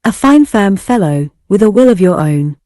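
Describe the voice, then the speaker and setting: A firm, decisive elderly aunt who lays down the law, voiced by a woman narrator. She speaks emphatically in a mellow, dark tone. The storybook reading is recorded dry, with no room sound. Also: mid-range voice, animated, moderate pace, no room sound, close to an everyday voice. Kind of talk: audiobook reading.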